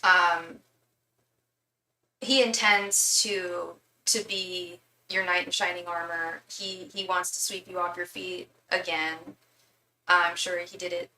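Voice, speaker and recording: A woman's voice: on the low side, steady tone, slow, pushed and bright, roomy sound, distant mic, low-quality recording. A young woman giving a live tarot reading in a chatty way, full of fillers, restarts and calls of "girl". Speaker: tarot reader.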